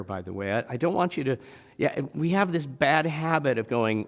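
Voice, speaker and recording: A man's voice: medium pitch, animated, moderate pace, long reverb tail. A man preaching a sermon in a church, talking conversationally and asking the congregation rhetorical questions. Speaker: pastor. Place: church sanctuary.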